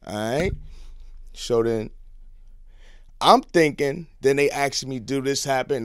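New man, podcast guest, close dry studio mic, lively storytelling, hushed to shouting. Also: medium pitch, measured pace, pauses often, no echo. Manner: animated, swings from hushed to shouting. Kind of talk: casual storytelling.

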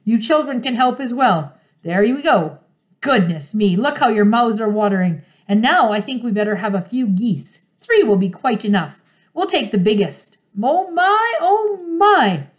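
A woman's voice: fairly high pitch, natural voice. A woman voicing Mister Fox, a proud and bossy male fox father, in a storybook read-aloud, exclaiming and giving orders. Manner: exclaiming, lively, commanding.

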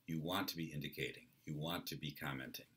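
A male lecturer with a low, husky voice explains ideas in a clear, measured way. His tone is bright and crisp-edged despite the depth. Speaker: theatre lecturer. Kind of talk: university lecture.

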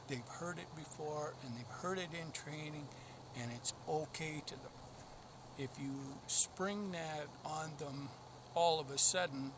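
A man's voice: on the high side, noisy background. A man explaining dog training in a plainspoken, practical way while out in open country. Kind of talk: outdoor training vlog.

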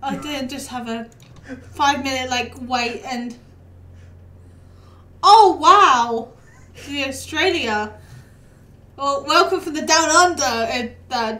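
A high, bright-voiced young woman chatting through a live game stream, laughing easily and bantering with what happens on screen. She sits a little back from the mic in an echoey room. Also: lively intonation, takes it slowly, pauses often, distant mic. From United Kingdom. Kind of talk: casual live-stream chat.

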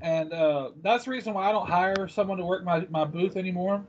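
A man being interviewed about his convention business, with a slightly high voice. He speaks in a relaxed, matter-of-fact way, and the sound is dull and lo-fi. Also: brisk, heavy background noise. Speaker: interview guest, convention vendor. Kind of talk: casual interview chat.

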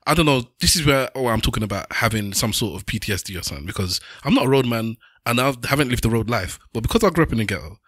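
Animated man telling stories. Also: medium pitch, rapid-fire, few pauses, dry recording, clean studio sound. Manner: animated storyteller. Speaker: podcast co-host. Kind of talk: casual chat.

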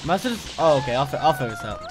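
A young man streaming a video game, reacting with excitable, profane commentary and talking back at the screen. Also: medium pitch, rapid-fire. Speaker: gaming streamer. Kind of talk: casual live-stream gameplay commentary. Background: game music.

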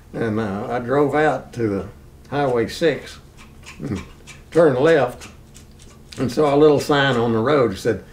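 An older man from Texas telling a war memory in an oral history interview, plain and unhurried, chuckling now and then. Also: medium pitch, distant mic, slight background noise. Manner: plain unhurried recounting, chuckles at own story.

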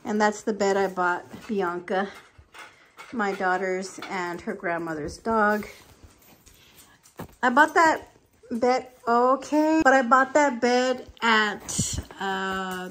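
A woman's voice: mid-range voice, steady tone, takes it slowly, fairly bright tone, a little hiss or hum. A woman in her forties chatting casually to camera at home, gushing and fond, using baby talk with her dogs. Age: 40s. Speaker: lifestyle vlogger. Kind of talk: casual vlog chat to camera.

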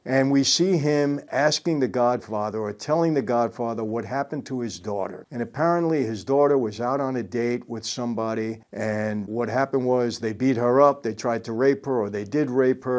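An older man talks through a classic film scene in a loose, conversational way. He tells it like a story and paraphrases what the characters say, at an ordinary mid pitch. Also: darkish tone. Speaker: host recounting a film scene. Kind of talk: casual commentary.

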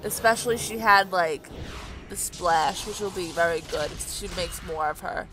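A woman's voice: lowish voice, moderate pace, music in the background. Chatty young woman playing a game. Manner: excitable, chatty, reads game dialogue aloud. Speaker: let's play host. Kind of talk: casual gameplay commentary. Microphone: desk mic.

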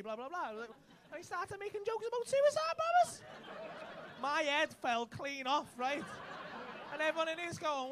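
Man, stand-up crowd work, high animated voice, live club recording with clear noise. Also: brisk. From England. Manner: cheeky, sweary banter with the audience. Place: comedy club stage.

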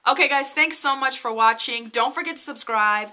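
A woman vlogger recapping a TV episode in a casual, excitable way, full of "like" and "you know". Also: high voice, normal speed. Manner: chatty, lots of "like" and "you know" fillers; excitable, gushing.

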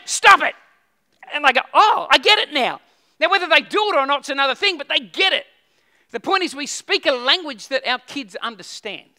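Delivering a sermon, a male pastor speaks in a very high voice that is strikingly bright and forceful. He addresses the congregation conversationally, stumbling into restarts and throwing questions their way.

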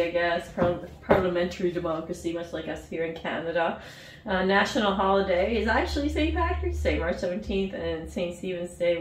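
A woman's voice: fairly low pitch, slight background noise. A woman vlogger chatting casually to camera, bubbly and giggly, losing track of numbers as she goes. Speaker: vlogger reviewing a snack box. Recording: roomy echo, mic set at a distance.

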